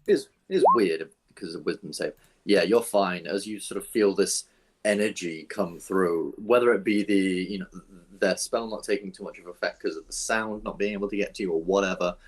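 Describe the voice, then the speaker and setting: A man narrating as dungeon master, relaxed and descriptive, thinking aloud with fillers. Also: low voice, fairly quick, husky. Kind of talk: narrating a tabletop game.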